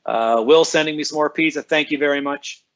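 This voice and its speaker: A man's voice: a little high, brisk, fairly bright tone. Upbeat man, slightly muffled lo-fi sound. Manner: upbeat, reads out viewers' names and comments and answers them. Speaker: school librarian. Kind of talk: casual live-stream chat with students.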